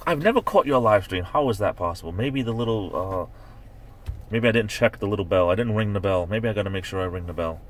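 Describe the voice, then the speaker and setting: Deep-voiced and talking a little fast, this man hosts a casual live stream from a parked car, rambling and reading out viewer comments. He's from the Northeastern US with a New York-like accent, and there's a slight hiss or hum on the recording.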